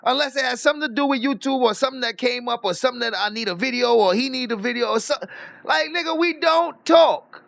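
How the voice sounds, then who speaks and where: In this dry, close recording with no surrounding room, a man streaming online rants casually through a story. His voice is high and gravelly, his delivery profane and loose, and he gets animated and breaks into laughter readily.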